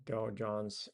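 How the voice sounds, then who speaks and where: Slow, gravelly man with a non-native accent. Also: fairly low pitch, dark tone. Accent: non-native English accent. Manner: musing, thinks aloud with frequent ums. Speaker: trading stream host. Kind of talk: casual live market commentary.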